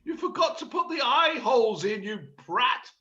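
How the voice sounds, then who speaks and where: A man's voice: very high voice, animated, normal speed, sharp tone, highs cut off, exaggerated voice. A man reading the part of a fussy, exasperated male panto director in an amateur play reading over a video call. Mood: frantic. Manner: pompous, theatrical outbursts.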